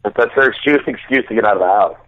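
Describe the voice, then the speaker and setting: A man's voice: fairly low pitch, quick pace, a crowd in the background. Man telling stories over a phone-like line. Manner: rambling, repeats words when starting sentences. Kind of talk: casual storytelling chat. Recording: dry, phone-like call audio.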